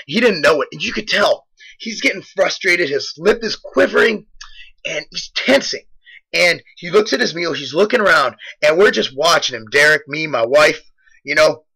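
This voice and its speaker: Young man, bright voice, a bit high, joking rambling gym vlog host. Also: lively intonation, moderate pace, vocal fry, slightly rough, low-quality recording. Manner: joking, boastful, rambling storyteller. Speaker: fitness supplement company host. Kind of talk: casual gym vlog commentary.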